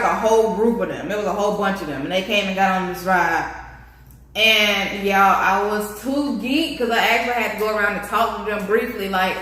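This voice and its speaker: A young woman vlogger telling a casual story, animated and slangy, speaking straight to her viewers. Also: medium pitch. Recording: echoey room.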